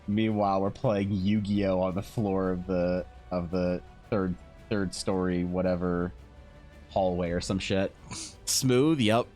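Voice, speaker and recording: Low-voiced man rambling on stream. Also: steady tone, takes it slowly, darkish tone, faint music behind. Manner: rambling storyteller, swears casually, laughs often. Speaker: art streamer. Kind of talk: casual chat while drawing on stream.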